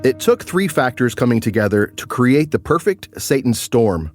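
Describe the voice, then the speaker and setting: Lively-voiced male podcast narrator. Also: medium pitch, faint music behind. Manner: measured, storytelling. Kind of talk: scripted narration.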